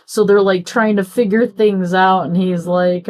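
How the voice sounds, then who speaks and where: A woman's voice: medium pitch, fairly even intonation, a little slow, hardly any pauses. A middle-aged woman chatting casually while crafting, rambling from story to story and acting out what people said. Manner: chatty, rambling, acts out quoted dialogue. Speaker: crafting vlogger.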